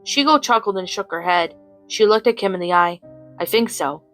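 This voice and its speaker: A woman narrating a fan fiction story in an even, unhurried way, with small slips now and then. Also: medium pitch, soft background music, poor audio.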